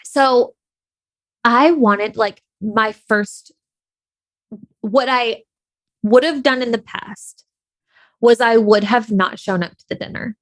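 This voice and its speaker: Speaking slowly and pausing often, this woman shares a candid personal story in a chatty style, leaning heavily on "like" and "you know." She's an online creator with a higher-pitched voice, and there's no room sound.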